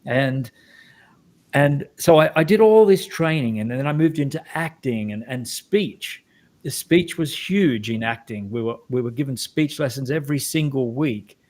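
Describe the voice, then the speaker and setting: Middle-aged man, soft neutral Australian accent. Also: mid-range voice, lively intonation, normal speed. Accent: mild, neutralized Australian. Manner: reflective, hesitant, many restarts. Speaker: guest, guided meditation creator. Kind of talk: casual conversation.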